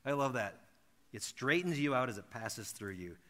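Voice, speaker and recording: A man's voice: expressive, moderate pace. A man preaching a sermon in a conversational way, acting out imagined dialogues and often repeating words as he restarts. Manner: acts out imagined dialogues in softer, lower voices. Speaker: pastor.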